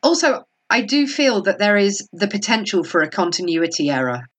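A woman chatting casually on a book podcast, animated and quick, often acting out quotes. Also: mid-range voice, husky. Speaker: podcast co-host. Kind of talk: casual book-club chat.

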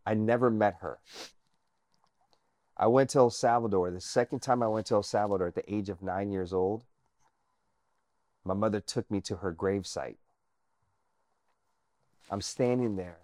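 A man with a low voice recounts his story as an interview guest, earnest and animated, sometimes sinking almost to a whisper. The sound is dry and close, with no room echo. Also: moderate pace, long pauses. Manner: earnest, animated, drops to near-whisper at emotional points. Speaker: guest, army veteran.

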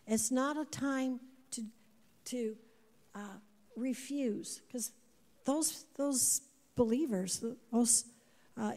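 A woman in her fifties preaching a sermon to a congregation, animated, repeating words and putting questions to the room. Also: a little high. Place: church before a congregation. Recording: long hall reverb.

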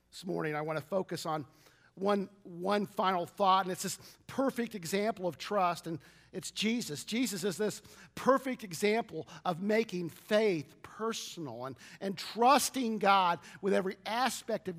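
A man's voice: sits high, a bit bright, big-room sound. A man preaching a sermon as pastor, earnest, often restarting his words and asking the congregation to repeat lines after him.

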